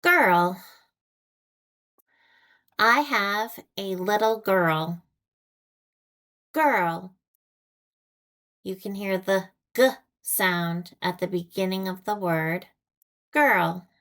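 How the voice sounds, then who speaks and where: Very slow, deliberate American woman teacher. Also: mid-range voice, fairly bright tone. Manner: deliberate, repeats each word with long pauses. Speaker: ESL teacher. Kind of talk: slow, clearly enunciated phonics lesson.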